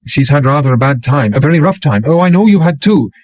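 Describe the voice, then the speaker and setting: Blunt young nurse in an audiobook, brisk and chiding, a touch higher, as a male reader puts her on. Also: expressive, a little mellow, dry recording. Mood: earnest.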